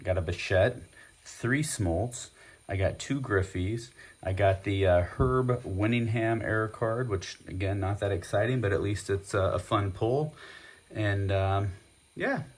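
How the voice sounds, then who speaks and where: A man's voice: fairly low pitch, unhurried. A man hosting a casual vlog, chatting and rambling with many fillers as he opens packs of cards. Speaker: host. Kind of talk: casual card-opening vlog.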